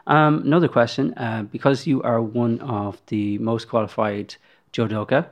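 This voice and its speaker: A man's voice: medium pitch, steady tone, moderate pace, highs cut off. A man co-hosting a casual podcast, asking questions hesitantly and restarting often as he searches for words. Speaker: podcast co-host.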